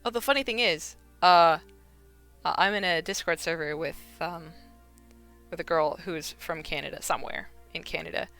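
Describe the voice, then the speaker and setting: A woman's voice: on the low side, moderate pace, a bit bright, faint music behind. A woman with a Midwestern American accent chatting casually on a live stream while she crafts, rambling and filling with "like" and "you know.".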